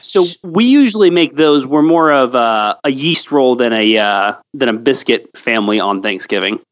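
A man's voice: medium pitch, animated, moderate pace, muffled recording. A man co-hosting a casual food podcast, rambling with many "um"s and "like"s. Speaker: podcast co-host. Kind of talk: casual chat.

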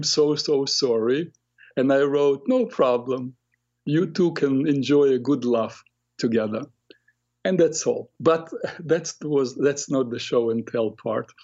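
A man in his sixties hosting a radio show, telling a story at an unhurried, reflective pace with many fillers. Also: mid-range voice, warm tone, highs cut off. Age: 60s. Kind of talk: storytelling monologue.

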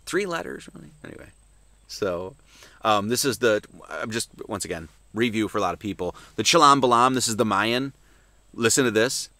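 A man preaching at a Sunday service, emphatic and swinging between loud emphasis and hushed asides, with many restarts. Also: lowish voice, expressive, normal speed, no room sound.

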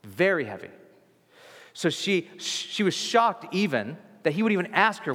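A man delivering a sermon in a loose, conversational way, telling the story with lively emphasis. His voice sits a little high for a man. A long reverb trails behind him as in a large hall. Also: normal speed. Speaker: preacher.

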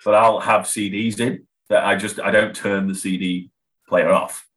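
A man talks casually as a podcast guest. His voice is low yet bright and forceful, and he rambles, restarts his sentences and laughs a lot. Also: little pitch movement, normal speed, poor audio. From England. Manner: rambling, self-interrupting, laughs often. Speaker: podcast guest, band member. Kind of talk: casual chat.

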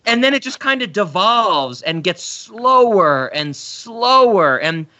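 A man's voice: high-pitched, sing-song, slow pace, pushed and bright, soft background music. A man co-hosting a film podcast, talking casually and rambling through the plot with many restarts. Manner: rambling, restarts, acts out quotes. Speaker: podcast co-host. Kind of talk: casual film review chat. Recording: slightly muffled audio.

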